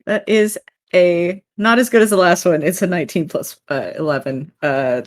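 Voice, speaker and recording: A woman playing a tabletop game, chatting casually and quick to laugh. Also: fairly low pitch. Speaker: player.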